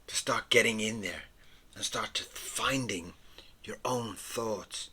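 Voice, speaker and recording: A man teaching drawing in a relaxed, playful way, encouraging the listener and often dropping to a whisper. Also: lowish voice, takes it slowly, husky. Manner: soft-spoken, often drops to a whisper. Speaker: art teacher.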